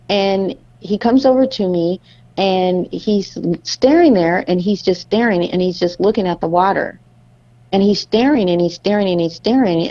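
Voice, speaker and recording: A woman's voice: on the low side, mellow, lo-fi sound. A woman co-hosting a podcast, telling a story in casual chat and acting out her family's lines. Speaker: podcast co-host.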